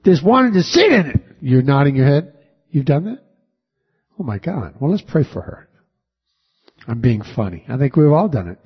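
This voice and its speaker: A pastor with a high-pitched, slightly rough voice preaches in a church sanctuary before his congregation, reading scripture aloud and stopping to quiz them. Very animated, he swells with emphasis on key words, and the recording sounds somewhat dull and lo-fi.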